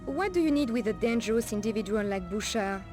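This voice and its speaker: A woman's voice: on the high side, animated, brisk, darkish tone, soft background music, close to an everyday voice. An actress playing a wary streetwise woman of the night streets, with a French accent and French endearments, guarded and cautioning.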